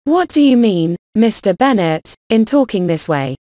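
A woman's voice: medium pitch, lively intonation, normal speed, warm tone, no echo, clean studio sound, close to an everyday voice. A woman voicing a fretful, self-pitying middle-aged mother in an audiobook, whining and dramatic. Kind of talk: audiobook character reading.

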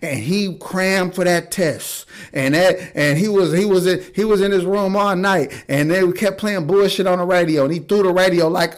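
A man hosts a podcast in a high-sitting voice, talking at normal speed with few pauses. His casual chat is blunt, profane and full of strong opinions.

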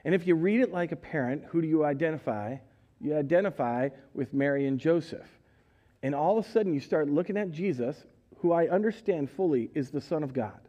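A man preaching to his church, telling the story with animated energy. His voice sits high and leaps up and down in pitch. He asks the congregation questions and acts out the people in the story. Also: a little fast, lo-fi sound. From United States. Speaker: pastor. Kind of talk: sermon. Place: church sanctuary.

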